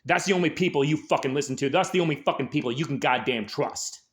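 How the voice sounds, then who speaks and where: A man's voice: on the high side, fast. A man hosting a show, delivering an angry, aggressive political rant full of swearing. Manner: angry, aggressive, heavy swearing, shouted peaks. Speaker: host.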